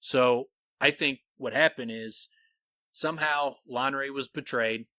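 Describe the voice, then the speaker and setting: Speaking slowly in a mid-range voice, this podcast co-host sounds clean, with no room sound. He eagerly unpacks a fantasy book theory during casual chat, staying animated and reading passages aloud.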